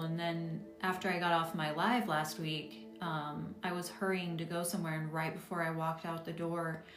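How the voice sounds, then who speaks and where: A woman's voice: on the low side, roomy sound. A woman hosting a witchcraft livestream, telling a story in a rambling, casual way with many fillers and restarts. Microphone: phone or webcam on a live stream.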